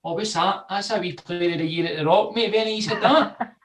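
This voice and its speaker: A man's voice: high voice, fast talker. Scottish man hosting in an echoey room. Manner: laughing, teasing. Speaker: podcast host. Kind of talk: casual banter. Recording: echoey room, away from the mic.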